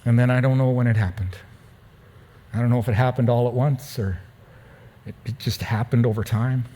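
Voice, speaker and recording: A pastor telling a personal story in a sermon, lively at times and turning quiet and hushed. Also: male voice, mid-range voice, breathy edge. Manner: storytelling, animated, dropping to a hushed tone. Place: church.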